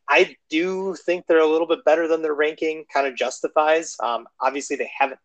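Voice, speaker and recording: A man co-hosting a podcast in casual sports chat, relaxed and joking, recorded on his phone. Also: on the high side, no room sound, rough recording. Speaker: podcast co-host.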